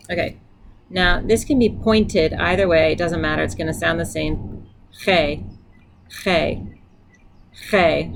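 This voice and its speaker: A woman's voice: deep voice, gravelly, a little hiss or hum, rough recording. A middle-aged woman teaching a casual vocabulary lesson, repeating each word aloud and adding chatty asides. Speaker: language teacher. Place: indoors by a sunny window.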